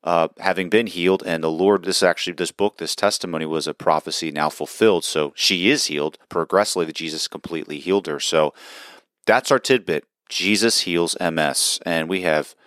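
Low calm guy hosting a church podcast, dry close sound. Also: fairly quick, no room sound. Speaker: host. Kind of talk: casual talk with read-aloud passage.

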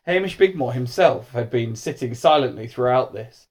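A man reading a children's storybook aloud, narrating in a lively, expressive way. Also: medium pitch, moderate pace, hardly any pauses. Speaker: audiobook reader.

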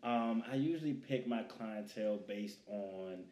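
A man's voice: on the low side, measured pace, dark tone. A man who is the guest filmmaker in an interview, answering in a laid-back, confident way. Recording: roomy echo.

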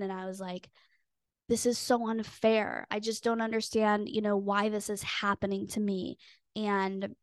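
A young woman hosting a podcast, telling a personal story in an earnest, expressive way and acting out her own past thoughts. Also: mid-range voice, dry recording, clean studio sound. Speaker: podcast host and weight loss coach.

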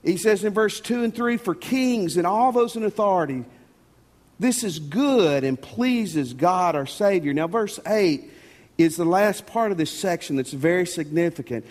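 A man preaching a sermon as pastor, folksy and animated, often repeating words. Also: high voice, a little slow. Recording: long reverb of a church hall.

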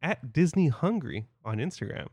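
A man's voice: a little high, sing-song, normal speed, a little mellow, husky, no echo, lo-fi sound. A man co-hosting a podcast, easygoing and casual, mostly chiming in with short agreeing replies. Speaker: podcast co-host. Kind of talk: casual chat.

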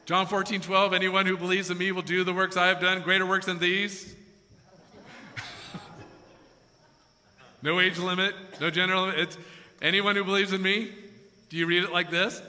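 High, bright-voiced male preacher in a hall. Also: brisk. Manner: animated, acts out quoted voices, chuckles. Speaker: pastor. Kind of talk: sermon. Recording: long hall reverb.

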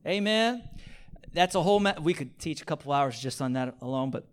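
A man preaching with a fairly high voice, calling out for amens from his listeners. He drops to near-whispers for key points, then rises into loud, repeated pleas as he acts out his illustrations. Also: animated, a little fast. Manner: swings from quiet, near-whispered points to loud, pleading repetition; call-and-response, asking the audience for amens. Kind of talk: sermon.

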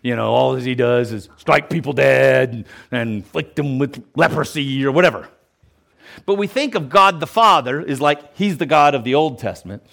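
A man's voice: medium pitch, normal speed, creaky. A male pastor giving a verse-by-verse Bible teaching sermon, emphatic and explanatory, with casual asides and frequent restarts. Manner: animated, emphatic, explains and repeats points.

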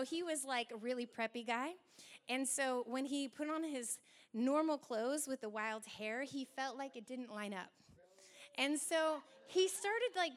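A young adult woman preaching a sermon in an animated way, acting out quoted voices as she goes. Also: fairly high pitch.

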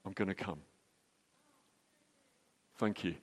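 A middle-aged man telling a jokey, anecdotal story as a church speaker, with quick restarts. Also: sits low. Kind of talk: storytelling sermon. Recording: long hall reverb.

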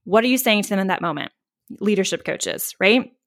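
A woman's voice: mid-range voice, fairly quick. Candid, chatty woman podcast host. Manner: candid, chatty, swears casually, acts out client reactions. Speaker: podcast host, marketing coach. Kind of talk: casual solo podcast teaching.

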